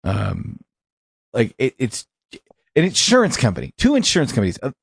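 A man on a podcast, chatting casually with emphatic, lively reactions. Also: medium pitch, moderate pace, creaky, slightly rough, no echo, studio quality. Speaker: podcast co-host. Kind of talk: casual chat.

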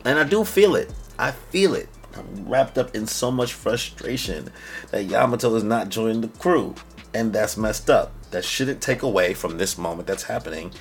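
A man's voice: on the low side, animated, normal speed, gravelly, soft background music. A young man giving a casual, slangy, emphatic recap of a manga chapter as a reviewer. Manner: slangy and emphatic, acts out characters' lines.

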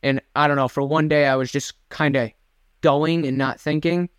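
A man's voice: a little high, steady tone, moderate pace, fairly bright tone, clean tone, no room sound, clean studio sound. A young man co-hosting a podcast, telling a rambling, self-deprecating story in casual chat. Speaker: podcast co-host.

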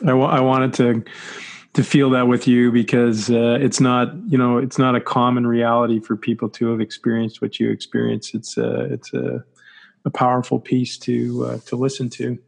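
A man's voice: mid-range voice, flat delivery, normal speed, vocal fry. A man hosting an interview, asking thoughtful, probing questions in a conversational way. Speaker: interview host.

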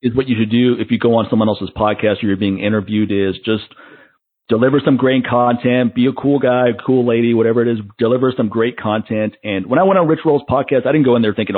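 A man talks casually on a podcast, breaking into animated impressions as he tells stories. His voice is husky and the sound is dry and narrow, like a phone line. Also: mid-range voice, fast, no room sound. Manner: animated storyteller who mimics others. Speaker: podcast host. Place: Las Vegas.

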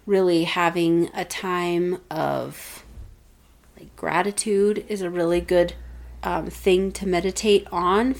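A woman's voice: lowish voice, steady tone, slow. A woman in her thirties co-hosting a casual talk show, telling stories in a chatty way. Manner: chatty storytelling, acts out quoted family voices. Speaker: podcast co-host. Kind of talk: casual chat.

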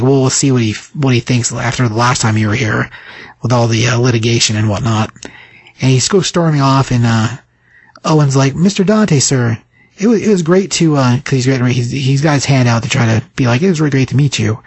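A man's voice: mid-range voice, fairly quick, slightly rough, no room sound, poor audio. A man casually retelling a story scene by scene, rambling with many fillers and restarts. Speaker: recapping a story. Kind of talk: casual retelling with quick voiced quotes.

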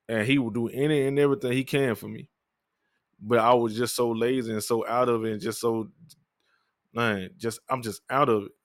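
A young man telling his life story in a candid, profane, rambling way, often low-key and downcast. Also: dry recording, studio quality. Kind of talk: personal storytelling monologue.

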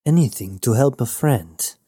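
A man reading an audiobook, voicing a sly, charming male pirate with a smooth, unhurried manner. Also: mid-range voice, lively intonation, mellow, no echo, clean studio sound. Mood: smooth, teasing.

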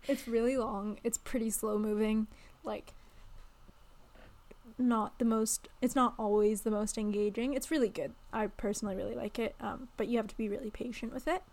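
A chatty young woman co-hosting a casual podcast, her voice sitting a little high. She rambles happily, peppering her sentences with "like" and "um", and laughs easily as she talks. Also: fairly even intonation, normal speed, a little mellow. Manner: chatty, laughs often, many likes and ums. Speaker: podcast co-host. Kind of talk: casual chat.

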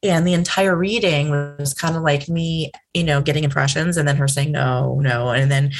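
A woman's voice: deep voice, fairly even intonation, moderate pace. A woman working as a psychic medium, telling stories in a chatty interview and acting out the exchanges she quotes. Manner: chatty, many fillers and restarts, acts out quoted exchanges. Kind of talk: conversational storytelling interview.

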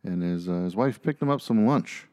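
A man's voice: fairly low pitch, lively intonation, normal speed, darkish tone. A man co-hosting a podcast, telling stories in casual chat with lots of fillers and jokey asides. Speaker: podcast co-host.

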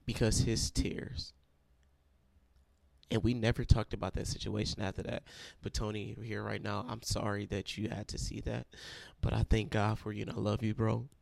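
A man's voice: fairly low pitch, little pitch movement, moderate pace, vocal fry, darkish tone, no echo. A young man giving an emotional testimony and then leading a prayer as a preacher. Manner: earnest, emotional storytelling.

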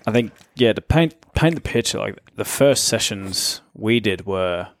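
A male coach in casual conversation, relaxed and encouraging, with lots of fillers. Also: on the low side, a little slow. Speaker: coach, trainer.

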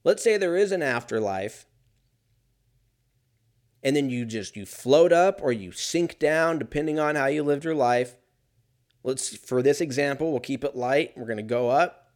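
A man's voice: medium pitch, measured pace, a little mellow. A man talking alone in a casual monologue as a podcast host, rambling and swearing and often laughing.

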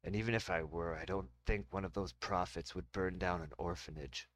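A man voicing a weary, skeptical man who speaks slowly and hesitantly. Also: sits low, steady tone, a little hiss or hum, natural voice. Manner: slow and hesitant.

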